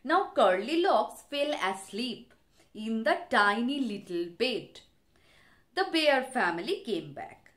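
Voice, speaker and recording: A woman teacher from India telling a story to young children, slowly, asking questions and repeating key points. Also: fairly high pitch, sing-song, fairly bright tone. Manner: slow, asks the class questions, repeats for emphasis.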